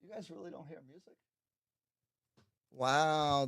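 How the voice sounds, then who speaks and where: A man hosting a livestream with a gravelly, slightly husky voice. He talks casually and mocks himself as he chats with viewers, his pitch jumping around a lot. The sound is dry and close to the mic. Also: animated, moderate pace, dry recording. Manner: chatty, self-mocking, talks to chat. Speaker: livestream host. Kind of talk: casual live stream chat. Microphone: headphones with mic.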